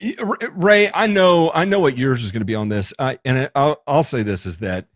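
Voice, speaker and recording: A man's voice: mid-range voice, lively intonation, a little fast, dry recording, studio quality. A man hosting a podcast in casual chat, joking and teasing his guests and swearing freely. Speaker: podcast host.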